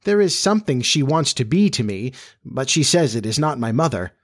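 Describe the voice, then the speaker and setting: A man's voice: medium pitch, very animated, brisk. A man voicing a puzzled, anxious young boy who speaks apologetically. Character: boyish youth, puzzled and anxious.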